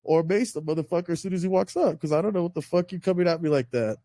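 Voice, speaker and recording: Guy on a podcast ranting a wild story, swears a lot, fairly high voice, dry close mic. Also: quick pace, no room sound. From Southern California. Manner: profane, animated storytelling; acts out voices of people in his story. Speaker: podcast host telling a story. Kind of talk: casual podcast chat.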